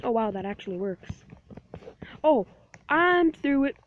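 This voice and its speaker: Female gamer host, slow and rambling, chatting to herself over a dull lo-fi mic. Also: a little high, sing-song, a little hiss or hum. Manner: rambling, playful self-talk. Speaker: gameplay video host. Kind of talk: casual gameplay commentary.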